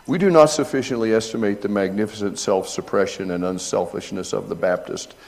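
Lower-voiced middle-aged male pastor preaching. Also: a little fast, gravelly, in a large hall. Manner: builds to loud, high-pitched emphasis when retelling scenes; reads aloud from an old essay between remarks. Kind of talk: sermon.

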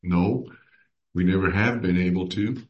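A man's voice: low-pitched, highs cut off. A man leading a Bible study, reading verses aloud and putting questions to his group. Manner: unhurried, reads scripture aloud and asks the group questions.

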